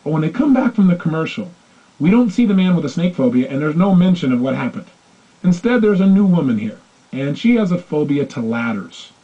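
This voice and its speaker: A man giving a motivational talk, telling stories with animated delivery and acting out the voices of the people in them. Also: fairly high pitch, fairly quick. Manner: animated, acts out quoted voices. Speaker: motivational speaker. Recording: dull lo-fi recording.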